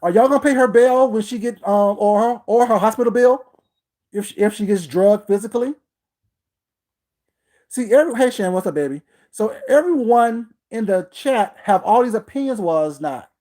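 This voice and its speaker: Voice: mid-range voice, lively intonation, moderate pace, dark tone. A livestream host delivering a heated, confrontational rant, repeating points and breaking off to greet viewers by name.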